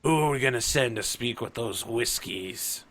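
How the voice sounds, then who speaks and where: A man's voice: medium pitch, expressive, normal speed, a bit bright. A man playing an old dwarf crime boss. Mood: commanding, menacing. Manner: gruff, menacing orders.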